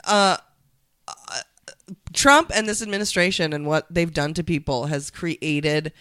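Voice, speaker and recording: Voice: mid-range voice, measured pace, bright, forceful tone, clean tone, no room sound. A speaker in casual podcast chat who rambles, swears and acts out other people's words.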